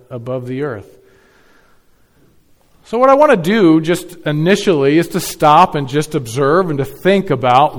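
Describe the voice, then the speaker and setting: A pastor giving a Sunday morning sermon, stressing key words with repetition and swinging between loud and soft delivery. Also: male voice, a little high, in a large hall. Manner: emphatic, repeats key words, varies loudness widely.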